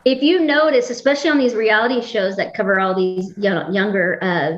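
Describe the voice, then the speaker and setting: A woman on a video call podcast chatting in an animated way, quoting people in little voices. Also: mid-range voice, brisk. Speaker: podcast panelist. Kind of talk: casual chat. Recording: dull lo-fi call audio with faint hiss.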